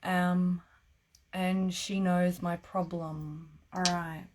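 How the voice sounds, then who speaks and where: An Australian woman gives live-streamed psychic readings in a chatty way, laughing often and peppering her speech with "like." Her voice is on the low side with little pitch movement, and she speaks very slowly. There is background noise.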